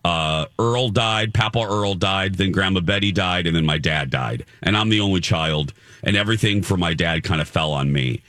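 A man's voice: low-pitched, moderate pace, few pauses, fairly bright tone, no room sound, clean studio sound. A man hosting a show, telling a personal story in a rambling, earnest way with many restarts. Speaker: radio show host. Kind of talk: casual morning-show chat and storytelling.

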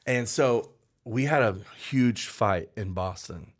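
A man's voice: medium pitch, slow. A man in his forties, a songwriter guest, telling a candid, rambling story in a casual interview, acting out what people said. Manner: candid, rambling, with restarts and acted-out quotes.

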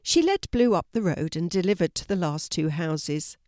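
A woman's voice: on the low side, normal speed, no echo, clean studio sound. Grandmotherly woman reading a children's story. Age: older. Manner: calm, clear, gentle narration.

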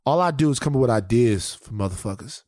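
A man co-hosting a podcast, ranting in casual banter and breaking into mocking high-pitched impressions of his friends. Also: lively intonation, fast talker, a little mellow, no room sound, clean studio sound. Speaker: podcast co-host.

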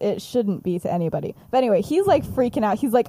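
Giggly young woman, dark mellow voice. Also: medium pitch, quick pace, hardly any pauses, dry recording. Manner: animated, giggly, acts out the characters' lines. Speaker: podcast co-host. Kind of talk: casual chat, retelling her own story.

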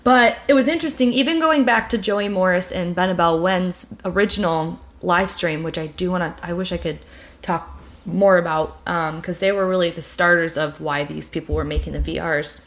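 There's a lowish, normal-paced voice here: a young woman, a video creator who hosts a podcast, chatting casually and frankly about making videos while she rambles, restarts, and uses plenty of fillers.

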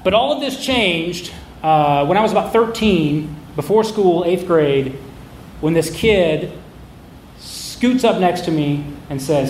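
A man's voice: on the high side, expressive, slow, a little hiss or hum. A middle-aged man telling a candid, self-mocking personal story in a conversational way. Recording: roomy echo.

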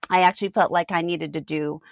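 A woman's voice: on the low side, steady tone, brisk, vocal fry, no room sound, studio quality. A woman from Washington state hosting a podcast interview, enthusiastic and laughing often. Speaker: podcast host. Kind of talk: casual interview.

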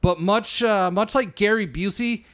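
A man's voice: high-pitched, measured pace. A man co-hosting a casual movie podcast, joking and swearing as he riffs with friends. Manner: animated, profane, jokey. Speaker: podcast co-host.

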